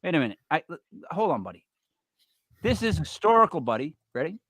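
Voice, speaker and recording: A man's voice: fairly high pitch, big pitch swings, a little fast, fairly bright tone, no room sound. A man hosting a live podcast, rambling and teasing his co-hosts, with lots of fillers. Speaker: podcast host. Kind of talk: casual banter on a live show.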